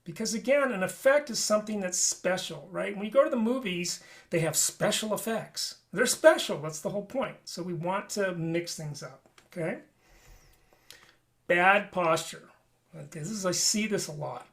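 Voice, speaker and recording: A man's voice: high-pitched, lively intonation, moderate pace, creaky, a bit bright. A man teaching a flute lesson in a webinar, talking conversationally and often checking in with "right?". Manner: demonstrates and explains playing habits.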